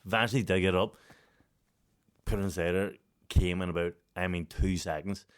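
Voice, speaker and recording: A man's voice: low voice, moderate pace. A Northern Irish man in his thirties, a podcast co-host telling a story in casual chat, swearing a lot and breaking into laughter. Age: 30s. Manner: profane, animated, laughs often while telling a story.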